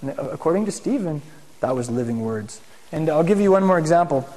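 A man's voice: fairly high pitch, lively intonation, fairly quick, mellow. A man teaching a congregation in a conversational sermon style, often putting questions to the room. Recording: long hall reverb.

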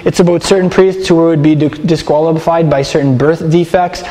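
A man's voice: on the high side, fairly even intonation, warm tone, big-room sound. A man teaching a sermon in a conversational way, often stopping and restarting his phrases. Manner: conversational, halting with repeated restarts.

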